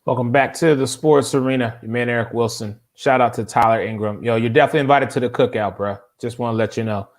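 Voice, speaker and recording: A man hosting a live sports talk show, animated and exclamatory, passing questions around a panel of guests. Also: mid-range voice, quick pace, few pauses. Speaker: podcast host.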